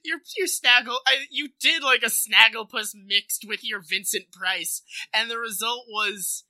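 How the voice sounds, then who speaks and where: A podcast co-host recapping with playful jokes in easy, casual chat. The voice has a very sharp, bright tone and sits in a middle pitch. It is recorded close and dry. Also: unhurried, dry recording. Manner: playful, recapping with bits and laughs.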